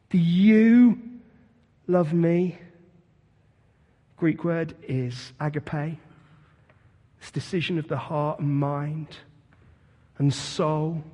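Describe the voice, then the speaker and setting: A man preaching a sermon as pastor, retelling scripture as a vivid, animated story. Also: fairly high pitch, slightly rough, long reverb tail. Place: church.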